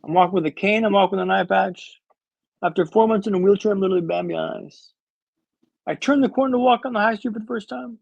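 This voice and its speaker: A man's voice: high voice, fast talker, gravelly, darkish tone, breathy edge, dry recording, muffled recording. A man in his thirties telling a story as a podcast guest, dramatic and wry with comic timing. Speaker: guest speaker.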